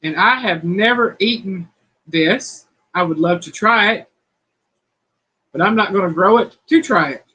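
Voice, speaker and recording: A woman's voice: medium pitch, a little slow, bright, forceful tone, slightly rough, poor audio. A woman hosting a home cooking livestream, chatting casually and reading viewer comments aloud. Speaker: cooking channel host.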